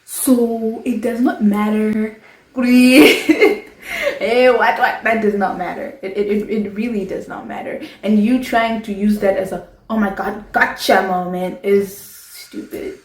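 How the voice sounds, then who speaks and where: A woman's voice: unhurried, far from the mic. Exasperated woman, roomy sound. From South Africa. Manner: animated, exasperated, pitch jumps high when making a point. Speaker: vlogger. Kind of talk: casual talk to camera. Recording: roomy, from the mic.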